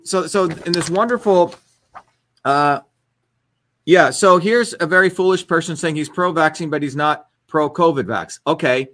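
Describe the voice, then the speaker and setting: A man holds forth on his own livestream in a combative, emphatic rant. His voice is bright and sits fairly high, and he circles back to repeat his points again and again. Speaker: host of an online livestream. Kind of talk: ranting political commentary.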